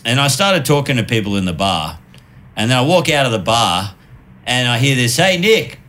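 A man's voice: mid-range voice, moderate pace. A man telling casual stories on a podcast, laughing often and acting out the people he quotes. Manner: animated, laughs often, acts out quoted voices. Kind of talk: casual storytelling chat.

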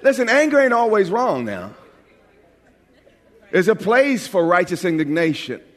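In a large church sanctuary where the reverb lingers long, a pastor from New York preaches at a measured pace with some chatter behind him. His voice is high and bright, his delivery lively and joking, though he stumbles over repeated words.

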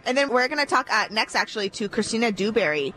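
A woman's voice: fairly high pitch, lively intonation, fast talker, sharp tone, rough recording. A woman co-hosting a live radio broadcast outdoors at a theme park, prompting with short questions. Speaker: radio co-host.

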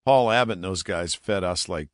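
A man's voice: deep voice, no room sound, studio quality. A man hosting a radio talk show in a casual, easygoing way, asking his guests questions. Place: radio studio.

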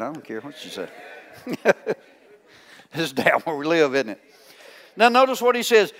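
A male pastor preaching a folksy, teasing sermon, swinging between loud calls and hushed asides. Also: on the high side, big-room sound.

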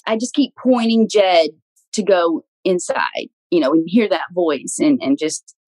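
A woman's voice: on the low side, a little slow, no echo, poor audio. Young woman, interview guest, earnest, frequent laughter, dry close sound. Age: young adult. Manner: laughs often, warm and earnest. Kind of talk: casual interview talk.

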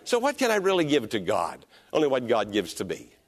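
A man's voice: medium pitch, huge pitch swings, brisk. A man preaching a sermon as pastor, emphatic and repetitive, drawing out key phrases and calling on listeners to repeat them.

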